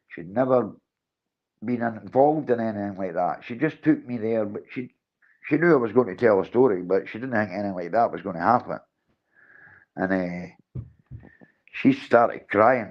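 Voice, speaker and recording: Animated man, low voice, lo-fi. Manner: animated, acts out his own and others' lines. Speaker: livestream host. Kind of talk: livestream storytelling.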